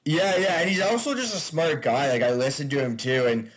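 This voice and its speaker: A man's voice: a little high, a little fast. A man, a stand-up comedian, chatting casually as a podcast guest, loose and laughing, with frequent swearing.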